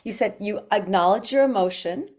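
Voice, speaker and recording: A woman's voice: mid-range voice, brisk, darkish tone. A woman guest speaking in an earnest, encouraging way during a casual conversation. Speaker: guest coach.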